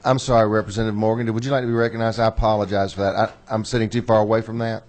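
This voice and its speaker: A man runs a legislative committee hearing. His voice sits a little low, and his manner is folksy and apologetic. He slows right down to read bill wording line by line. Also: flat delivery, a little mellow. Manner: folksy, apologetic, slow and careful when reading bill text. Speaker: committee chairman.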